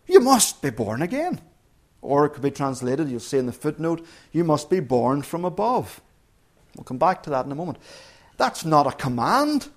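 This preacher has a highish, expressive voice at an ordinary speed. Earnestly and emphatically, he restarts phrases frequently and stresses key words with sudden loudness.

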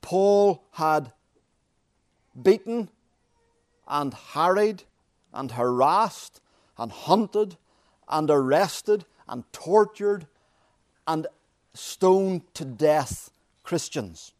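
A man preaching a sermon, with dramatic pauses and emphatic repetition. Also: a little high, expressive, a little mellow, no echo, studio quality.

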